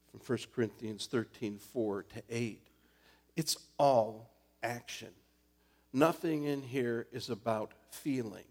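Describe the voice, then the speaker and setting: A man's voice: mid-range voice, gravelly, darkish tone. A man preaching a sermon as a pastor, telling a personal story earnestly and building to emphatic points.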